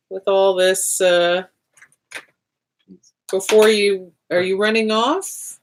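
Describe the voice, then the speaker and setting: A woman's voice: mid-range voice, steady tone, slow pace, long pauses, a little hiss or hum. A woman hosting a livestreamed art party, chatting casually as she draws, often restarting her sentences and muttering to herself while she works.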